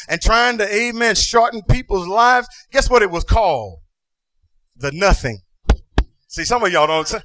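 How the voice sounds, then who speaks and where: A man preaching a sermon as pastor, calling out to the congregation and rising into sing-song shouted climaxes. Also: high voice, no room sound.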